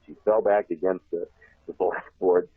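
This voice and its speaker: Deep husky man on a phone line. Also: moderate pace, no echo. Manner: laughs often, repeats himself, animated. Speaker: guest. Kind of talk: rambling personal storytelling. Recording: tinny phone line, dry.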